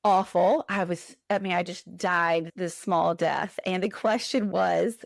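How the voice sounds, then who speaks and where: A woman guest on a podcast, telling a personal story in an animated, conversational way. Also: fairly low pitch, unhurried, vocal fry, few pauses, no room sound, clean studio sound. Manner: animated, acts out quoted voices.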